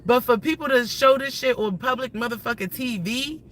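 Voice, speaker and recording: A woman on a casual livestream, talking in a bright, sharp voice. She rants loosely and excitably, swearing freely and jumping from thought to thought. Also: on the high side, normal speed, hardly any pauses, poor audio. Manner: animated, profane, rambling and excitable. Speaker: livestream host.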